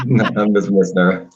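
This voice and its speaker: A man's voice: lowish voice, muffled recording, a little hiss or hum. A Jamaican man who is a guest musician on a casual radio interview, talking in an emphatic, repetitive, preaching cadence. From Spanish Town, Jamaica.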